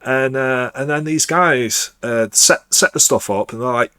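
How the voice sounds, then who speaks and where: A man, a DJ guest telling a personal story in a rambling, halting way, full of restarts. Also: mid-range voice, sharp tone. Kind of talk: casual storytelling.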